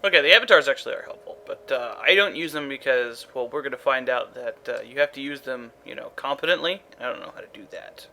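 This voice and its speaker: A man with a bright, sharp voice giving casual let's play commentary. He rambles along with lots of fillers and wry asides. A faint hum sits underneath. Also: medium pitch, fast, gravelly, hardly any pauses, low-quality recording.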